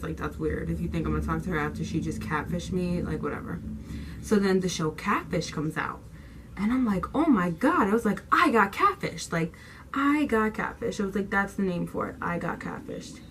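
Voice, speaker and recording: A woman's voice: on the low side, a little hiss or hum, low-quality recording. A young woman vlogger telling a storytime tale in slangy, casual talk, swearing freely and acting out what people said. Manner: animated, slangy, swears freely, acts out quotes.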